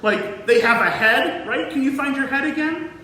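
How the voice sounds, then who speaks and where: Lively man teaching small children. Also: very high voice, normal speed, a little hiss or hum. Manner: lively, sing-song, talks to kids. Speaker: museum educator. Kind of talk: children's lesson. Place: museum room. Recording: echoey room, mic far off.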